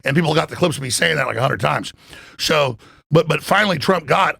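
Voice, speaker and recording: A man with a gravelly, husky voice, pitched a little high, talks as a podcast guest. He is animated and emphatic, swears freely and acts out quotes from others. The sound is close and dry. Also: normal speed, dry recording. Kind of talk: excited podcast talk. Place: in Florida.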